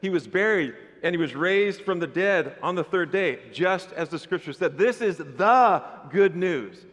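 A man delivers an animated sermon as pastor, his voice pitched high for a man. He slips into chatty, playful asides to the congregation. The sound carries the long reverb of a church hall. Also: unhurried. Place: church sanctuary.

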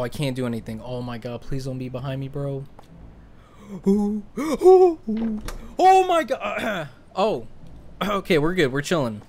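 A man's voice: mid-range voice, slight background noise. A young man giving jumpy, laughing, slang-filled commentary while playing a horror game. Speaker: gaming YouTuber.

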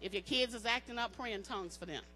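Woman preaching hard, bright sharp tone, keeps repeating lines for the crowd to answer. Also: on the high side, fast talker, faint music behind. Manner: emphatic, repetitive, call-and-response. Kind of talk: sermon. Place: church service.

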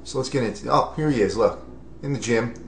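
A man's voice: mid-range voice, brisk, creaky, a little hiss or hum. A man doing mocking, profane commentary over a video, hyped and teasing. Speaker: comedic commentator. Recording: roomy echo.

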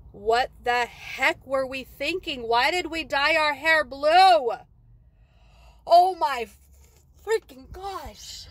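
A woman talking to her camera in an unscripted video diary, emotional and tearful, repeating herself as she calms down. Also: high-pitched. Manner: emotional, repeats herself, cries and self-soothes. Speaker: vlogger.

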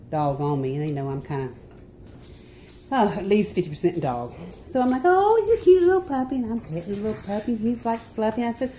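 A Southern-accented woman rants straight to her viewers in a casual vlog. Her pitch swings widely as she jumps into exclamations. Her tone stays mellow and a bit dark. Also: slight background noise. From North Carolina. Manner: animated, exclamatory, swings into high outbursts. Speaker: vlogger. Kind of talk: casual ranting monologue.

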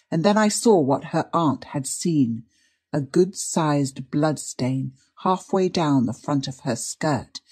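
A woman reading a period mystery story aloud in a measured, dramatic narration. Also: sits low, warm tone, husky. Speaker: audiobook reader. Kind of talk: scripted narration.

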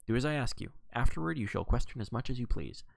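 A man reading aloud and voicing a brisk, precise middle-aged male detective questioning a witness. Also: mid-range voice, animated, gravelly, no room sound. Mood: probing. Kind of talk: audiobook character reading.

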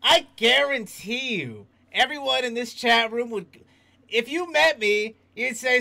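A man's voice: very high-pitched, lively intonation, a little slow, gravelly, bright, forceful tone. A man hosting a livestream, chatting casually, reading the chat aloud and laughing often. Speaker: host.

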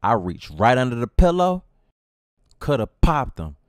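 A man's voice: medium pitch, very animated, unhurried, no echo, clean studio sound. A man with a Chicago accent narrating a comedic first-person story with lots of slang and drama. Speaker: storyteller in a skit video.

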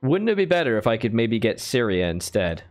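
Very animated and fairly quick, this man's mid-range voice has a slightly mellow quality over soft background music. He live-streams a strategy game, chatting as he thinks aloud and thanking viewers with bursts of enthusiasm.

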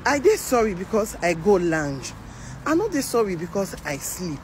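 Nigerian pidgin lady telling a story outside, acts out everyone's voices, street traffic noise loud behind her. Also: medium pitch, moderate pace, poor audio. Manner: animated, acts out the voices of others. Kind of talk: casual storytelling to camera.

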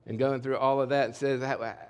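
Middle-aged male pastor, mid-pitched voice, conversational sermon delivery, candid and emphatic. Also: flat delivery, fast, clean tone. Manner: conversational, candid preaching that swings between loud and hushed. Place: church sanctuary.

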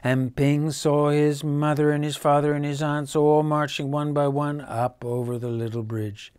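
A man reading a children's bedtime story aloud, gentle and dropping to a hush at quiet moments. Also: fairly high pitch, level tone, moderate pace, clean tone, no room sound, studio quality.

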